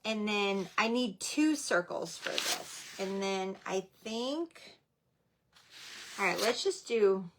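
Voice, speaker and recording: Hosting a relaxed crafting stream from home, this middle-aged woman talks in an animated, mid-range voice at a slow pace. She discusses her supplies, chides herself for forgetting things, and welcomes viewers by name, with background noise audible.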